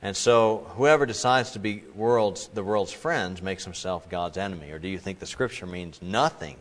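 A middle-aged man preaching a sermon in a conversational way, now and then acting out quoted voices with sudden jumps in pitch. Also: normal speed. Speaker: pastor. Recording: long reverb of a large hall.

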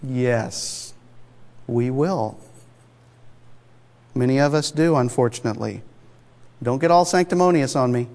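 A male preacher delivers his sermon in a conversational yet emphatic way. He often asks the congregation rhetorical questions. His mid-pitched voice carries with the long reverb of a church sanctuary. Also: a little slow, long pauses, darkish tone. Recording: long reverb of a large hall.

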